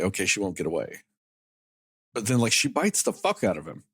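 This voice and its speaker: Male podcast co-host, husky and dry-miked, excitable, salty language. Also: lowish voice, a little fast, no echo. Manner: animated, swears freely, acts out characters' lines. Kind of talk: casual movie review chat.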